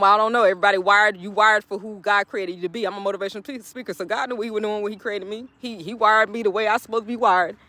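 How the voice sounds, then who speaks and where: Bright-voiced woman motivational speaker outdoors. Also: medium pitch. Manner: animated, laughing often, talking straight to viewers. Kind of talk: casual motivational vlog talk. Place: outdoors, birds in background.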